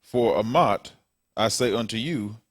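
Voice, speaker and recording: A man reading scripture aloud in a steady, formal manner, phrase by phrase. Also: fairly low pitch, a little slow, no room sound, clean studio sound. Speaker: scripture reader.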